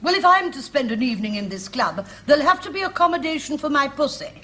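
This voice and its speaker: Brief: a prim, posh department-store lady, high-pitched, 1970s sitcom, noisy old TV clip with laugh track. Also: very animated, fast. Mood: indignant. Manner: posh put-on accent, comic double entendres. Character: prim middle-aged woman running a ladies' department.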